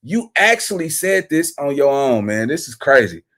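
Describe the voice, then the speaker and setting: Man, high voice, animated reaction commentary, exclamatory and slangy. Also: moderate pace. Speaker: commentary show host.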